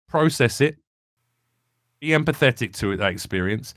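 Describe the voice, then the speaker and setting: A man's voice: medium pitch, lively intonation, moderate pace, fairly bright tone, no echo, studio quality. An English man speaking as a comedian guest in a candid podcast conversation, reflective and rambling, with frequent restarts.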